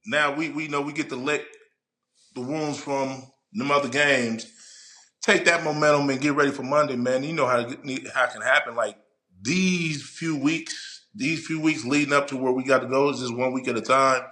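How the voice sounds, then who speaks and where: A man in his forties, a podcast guest and former player and coach, telling stories in a loud, profane, emphatic way. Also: medium pitch, moderate pace. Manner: animated, profane, emphatic storyteller. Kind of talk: casual podcast chat.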